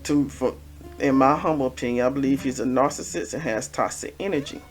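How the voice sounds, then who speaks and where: A man talking casually to camera, giving repetitive, gently preachy life advice as a vlogger. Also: mid-range voice, fairly quick, soft background music.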